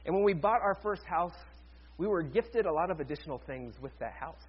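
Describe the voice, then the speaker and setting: A man's voice: a little high, expressive, fairly quick, dull audio, a little hiss or hum. A man, a pastor, preaching a sermon in a conversational way with joking asides to the congregation.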